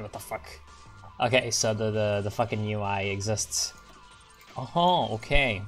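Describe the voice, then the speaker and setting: A man's voice: lowish voice, normal speed, faint music behind. A man live-streaming a strategy game, chatting crudely with viewers and reading in-game text aloud, with sarcastic asides and frequent swearing.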